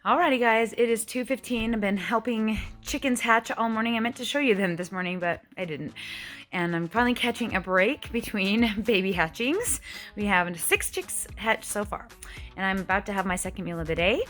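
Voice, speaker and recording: A woman's voice: mid-range voice, moderate pace, fairly bright tone, soft background music. A woman in her forties chatting casually in a diet vlog, rambling as she lists out her meals. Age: 40s. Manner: chatty, rambling, counts out food amounts. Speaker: vlogger.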